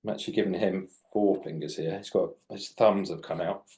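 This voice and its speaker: A man's voice: sits low, steady tone, fairly quick, dark tone. Chatty man drawing for kids. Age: late 40s. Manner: chatty, jokey, explains while drawing. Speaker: children's author and illustrator. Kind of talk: live drawing demonstration for children.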